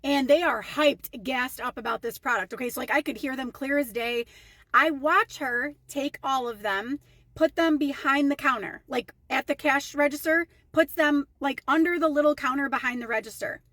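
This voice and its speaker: A woman's voice: high-pitched, moderate pace, fairly bright tone, no room sound. A young woman telling a casual storytime rant to her followers, chatty and indignant. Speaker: storytime vlogger.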